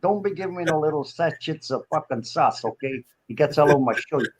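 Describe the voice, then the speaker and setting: Guy doing a cocky new york mobster voice, tough talk, kinda high. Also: lively intonation, fairly quick, husky. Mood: fussy. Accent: New York put-on. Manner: tough, boastful, threatening in jest.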